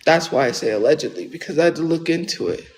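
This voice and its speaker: A man's voice: a little high, lively intonation, fast talker, low-quality recording. A man talking casually on a livestream, rambling and defensive, often restarting his sentences.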